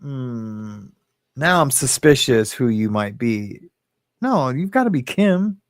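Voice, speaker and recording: A man hosts a rambling, casual livestream from his living room, talking to viewers and reading their comments aloud. His voice sits at a middle pitch and the sound is dry and close. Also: very animated, slow pace, no room sound. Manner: chatty, rambling, reads viewer comments aloud, laughs often. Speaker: host. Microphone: webcam or phone in his home.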